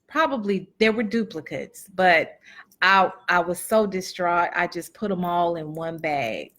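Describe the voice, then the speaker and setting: A woman's voice: lowish voice, unhurried, fairly bright tone. A woman speaker telling a personal testimony to an audience in a chatty, folksy way, calling them y'all and acting out what people said. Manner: chatty and folksy, addresses the crowd as y'all and acts out dialogue. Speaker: motivational speaker and author.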